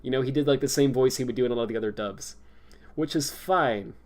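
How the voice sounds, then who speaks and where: A man's voice: mid-range voice, fast talker, a little mellow. A young man chatting casually on a stream, rambling and laughing often. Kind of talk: casual chat.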